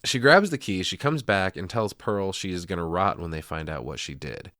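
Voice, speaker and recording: A man's voice: low voice, expressive, moderate pace, bright, forceful tone, dry recording, studio quality. A man co-hosting a podcast, casually recapping a horror film scene by scene, swearing freely and acting out lines. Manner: profane, recaps scenes, acts out quotes. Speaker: podcast co-host.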